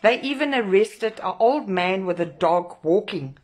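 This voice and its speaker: A woman's voice: mid-range voice, lively intonation, unhurried, darkish tone. Furious woman ranting. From South Africa. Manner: furious, swearing, emphatic repetition. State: emotionally shaken. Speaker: protest organiser. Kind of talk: angry direct-to-camera rant.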